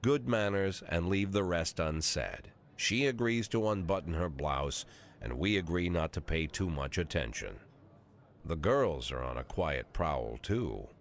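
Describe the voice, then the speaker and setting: Casting: a sixty-year-old police chief narrating a game, dry and cynical, with a very low, rumbling voice. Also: male voice, lively intonation, measured pace. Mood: wry. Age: 60s. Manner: dry, world-weary, crude.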